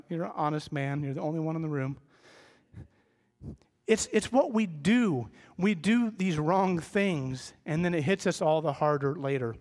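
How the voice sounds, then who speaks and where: A middle-aged man delivers a sermon to his congregation in a relaxed, conversational way, often laughing at his own faults. His voice sits high for a man. The sound carries a long reverb from the church hall. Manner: conversational, self-deprecating, acts out quoted voices. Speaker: pastor.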